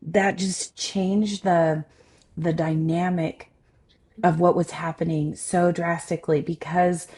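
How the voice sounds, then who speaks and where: A woman relationship coach and podcast host, telling personal stories in a loud, expressive, candid conversational way. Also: fairly low pitch, takes it slowly.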